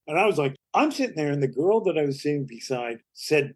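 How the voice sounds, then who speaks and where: A man's voice: fairly high pitch, fairly quick, few pauses. An older man, a comedy actor and writer, telling anecdotes as a podcast guest and acting out the voices of people he quotes. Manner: lively anecdotal storytelling, acts out quoted voices. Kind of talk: storytelling interview.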